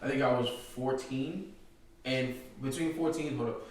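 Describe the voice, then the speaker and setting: A man from Nigeria co-hosts a casual podcast chat, telling stories in a loud, animated way. His voice bounces around a very echoey room. He sits a little away from the microphone. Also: mid-range voice, normal speed, distant mic. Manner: loud, animated, laughing storyteller. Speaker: podcast co-host. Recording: roomy echo, voice a bit off-mic.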